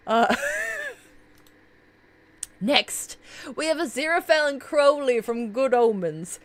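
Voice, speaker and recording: A woman's voice: high-pitched, expressive, slow, pauses often, no echo. A woman streaming live in a casual chat, gushing about favorite characters, laughing often and swearing freely.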